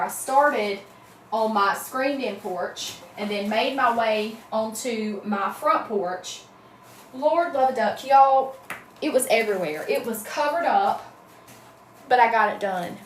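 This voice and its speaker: A woman's voice: a little high, a bit bright, roomy sound, a little hiss or hum. A middle-aged woman from North Carolina with a Southern accent, chatting casually on a livestream and greeting viewers by name. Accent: Southern American. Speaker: wreath-making livestream host.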